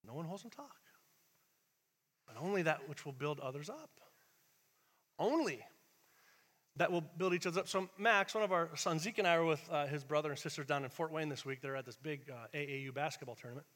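A man preaching a sermon in a church, his voice bright and on the high side for a man. He talks in an animated, conversational way, jumping from big shouted lines to quiet, confiding asides. A long church reverb trails behind every phrase. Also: brisk, pauses often. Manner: animated, acts out quoted voices, shifts between shouting and hushed asides. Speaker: pastor.

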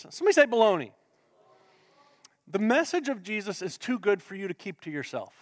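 A man's voice: high-pitched, dry recording, clean studio sound. A man preaching a sermon, joking with the congregation and asking it questions. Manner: playful, interactive, joking with the congregation. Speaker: pastor. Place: church sanctuary.

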